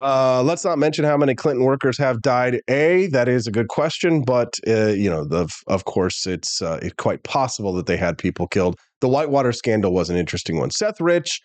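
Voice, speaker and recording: A male talk show host delivering an animated, opinionated monologue straight to viewers. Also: mid-range voice, a little fast, hardly any pauses.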